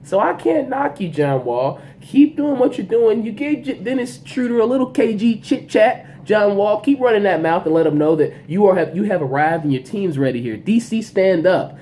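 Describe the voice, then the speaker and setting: A man hosting a sports show, giving animated, opinionated commentary and talking straight to the players. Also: sits high, slight background noise. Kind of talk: solo sports commentary podcast.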